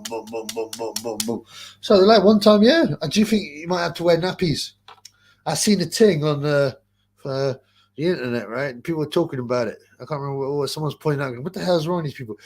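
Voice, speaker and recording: A man hosting a casual live boxing chat, rambling and crude, with many filler sounds. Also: mid-range voice. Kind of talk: casual post-fight live-stream chat.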